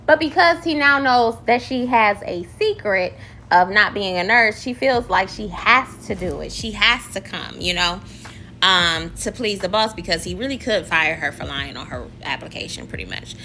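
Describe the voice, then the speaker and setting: A woman's voice: medium pitch, animated, normal speed, bright, forceful tone, a little hiss or hum. A woman casually recapping a TV show in a chatty, slangy, gossipy way. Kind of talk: casual chat.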